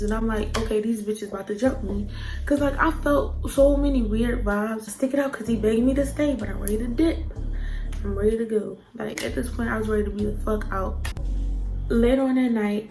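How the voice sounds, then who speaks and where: A woman's voice: medium pitch, poor audio. Profane woman telling a storytime vlog. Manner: blunt, profane, animated retelling with quoted outbursts. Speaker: vlogger.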